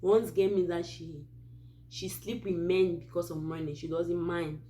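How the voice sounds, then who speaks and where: On her Christian advice channel, a woman from Cameroon shares a true story in Cameroonian-accented English, lively and relaxed with frequent digressions. Her voice is on the low side and unhurried, and there's background noise.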